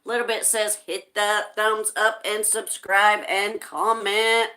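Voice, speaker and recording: A woman's voice: mid-range voice, flat delivery, slow pace, pushed and bright. A woman hosting a casual livestream, reading viewer comments aloud and greeting people in a friendly way. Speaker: livestream host reading chat.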